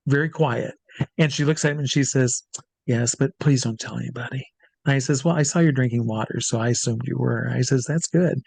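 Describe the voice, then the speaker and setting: A man, a drag performer and hypnotist, telling a lively anecdote as an interview guest, acting out the quoted voices and swearing freely. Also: mid-range voice, brisk, creaky, no room sound. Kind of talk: casual storytelling in an interview.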